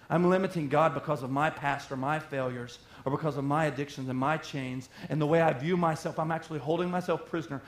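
A man preaching with a fairly high voice and a lot of animation. Now and then he acts out short quoted voices of ordinary people to make his point. The sound is roomy, with a clear echo around him. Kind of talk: sermon.

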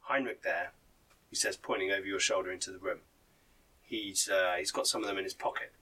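A man's voice: deep voice, steady tone, a little fast, pushed and bright, distant mic, a little hiss or hum, voice pushed down, poor audio. A man voicing a chatty male townsman informant who rambles and hesitates as he gives advice. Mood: confiding. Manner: rambling, confiding, full of hesitations.

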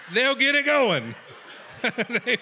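A man preaching a sermon in a folksy, animated way, swinging from hushed lines to shouts. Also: extremely high pitch, extremely slow, long reverb tail, a little hiss or hum. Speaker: pastor.

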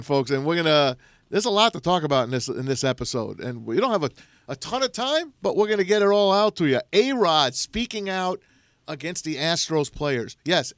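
A man's voice: a little high, fairly bright tone, no room sound. A man hosting a sports talk show in a studio, upbeat and welcoming. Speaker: podcast host.

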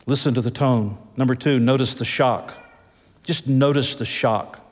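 A man preaching a sermon as pastor, swinging his pitch and drawing words out for emphasis. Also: moderate pace. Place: large church hall. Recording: echoey church hall.

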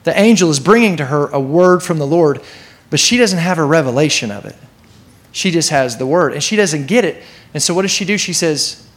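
A man pastor preaching to his church in an animated way, sometimes acting out the voices in the story. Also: high voice, fast talker. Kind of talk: sermon.

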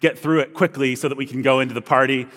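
A man preaching as a pastor, telling a funny personal story in a relaxed, self-deprecating way. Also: mid-range voice, fast talker. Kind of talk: sermon with a humorous personal story. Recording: long reverb of a large room.

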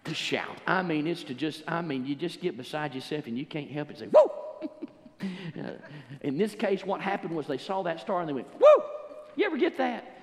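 A male pastor preaching a sermon in a church, telling stories in an animated way and breaking into exuberant shouts. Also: fairly high pitch, a little fast, hardly any pauses. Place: church sanctuary. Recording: long church hall reverb.

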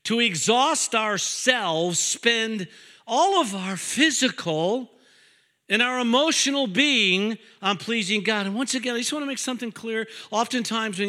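A middle-aged male pastor preaching a sermon with dynamic swings between loud emphasis and hushed intensity, joking asides and repeated words. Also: sits high, expressive, normal speed.

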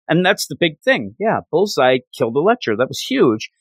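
A man's voice: fairly high pitch, very animated, moderate pace, breathy edge, no room sound. A man casually reviewing a comic book, rambling through a chatty retelling of the story with lots of fillers.

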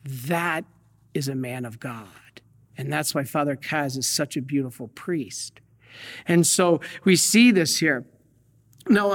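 A Catholic priest giving a conversational sermon, telling stories with folksy asides and light humor. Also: male voice, high-pitched, long reverb tail.

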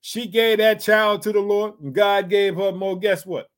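A man's voice: high voice, fairly even intonation, measured pace. A man reading scripture aloud and breaking off to preach on it, fervently prodding his listeners with rhetorical questions. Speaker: bible teacher.

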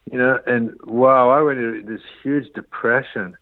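Telling a business story as a guest in an interview, a man rambles and performs the dialogue he quotes. He speaks in a middle register with fairly even intonation at a moderate pace and few pauses. The sound is thin and phone-like, dry, with no echo.

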